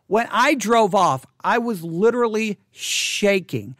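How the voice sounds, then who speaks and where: A man's voice: sits high, very animated, measured pace, few pauses, a bit bright, no room sound, studio quality. Impassioned man telling a personal story. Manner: impassioned, indignant, retells with quoted dialogue. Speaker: Christian video host.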